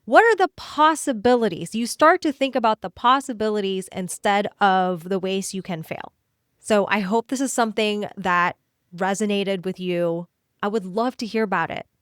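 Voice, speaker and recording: A woman hosting a solo career-coaching podcast, talking to listeners in an animated way and acting out quoted voices. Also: mid-range voice, clean tone, no echo, clean studio sound.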